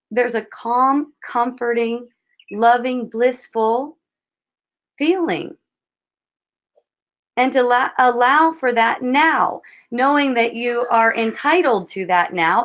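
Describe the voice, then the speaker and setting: A woman with a somewhat high voice guides listeners through relationship advice in an online session. She talks gently and thoughtfully and circles back over her own phrases. The audio is dull and muffled. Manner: gentle, reflective, repeats phrases. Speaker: spiritual teacher. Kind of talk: online wisdom dialogue, advising.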